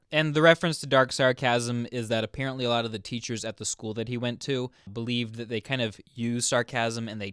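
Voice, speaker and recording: A man hosting his own channel, explaining a song's meaning in a casual, chatty way, full of "like" and quick asides. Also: fairly high pitch, clean tone, no room sound, studio quality. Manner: chatty, filler-heavy, animated. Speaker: music explainer host. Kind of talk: casual explanatory video commentary.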